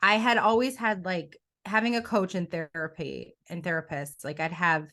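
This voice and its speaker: A middle-aged woman coach in a conversational interview, telling her story in an animated way and often quoting her own past thoughts. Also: on the low side, moderate pace, hardly any pauses. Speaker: coach and academy founder.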